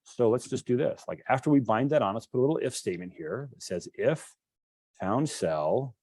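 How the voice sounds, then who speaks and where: A male instructor lectures to a class, talking through his code as he demonstrates it and restarting phrases as he thinks. His voice sits at a middle pitch. The sound is dry and close, with no room echo. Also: lively intonation, moderate pace, darkish tone, husky.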